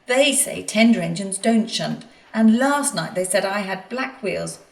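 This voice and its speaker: A gentle, kindly little engine. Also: female voice, mid-range voice, lively intonation, unhurried, gravelly, voice pushed up. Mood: sad. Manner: soft and polite. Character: gentle, kindly older male tank engine. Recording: echoey room, distant mic, faint music.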